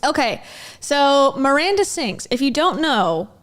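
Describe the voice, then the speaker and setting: A young woman talks casually on her livestream, her voice sitting a little high. She rambles and stops to greet and thank viewers from the chat. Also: very animated, a little slow. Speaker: livestream host.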